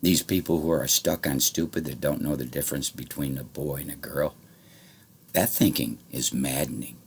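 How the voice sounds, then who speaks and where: Very deep gravelly man, rambling rant. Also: steady tone, normal speed. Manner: profane, veers between muttering and shouting. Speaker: vlogger. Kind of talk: rambling monologue to camera.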